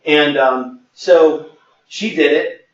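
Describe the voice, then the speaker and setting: A man's voice: fairly high pitch, very slow, dull audio. Man telling a workplace story, echoey and distant. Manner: anecdotal, acts out quoted dialogue. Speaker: sales trainer. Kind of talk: storytelling training webinar.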